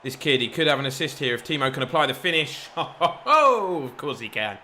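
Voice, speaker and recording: A man giving chatty, excitable play-by-play commentary over a football video game. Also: medium pitch, fast talker, a little hiss or hum. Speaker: gaming YouTuber.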